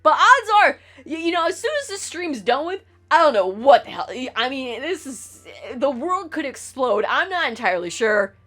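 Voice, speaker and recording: A woman's voice: high-pitched, sing-song, moderate pace, hardly any pauses, sharp tone. A woman streaming a video game, talking bluntly in a rambling, profane rant full of restarts. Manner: blunt, swears freely, ranting. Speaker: gaming streamer. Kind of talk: casual commentary while playing a game.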